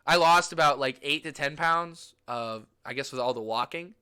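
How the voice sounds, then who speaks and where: Bright, animated young man ranting about travel. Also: fairly high pitch, moderate pace, smooth. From United States. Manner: animated, gushing, swears casually. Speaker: vlogger. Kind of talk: casual travel recap chat.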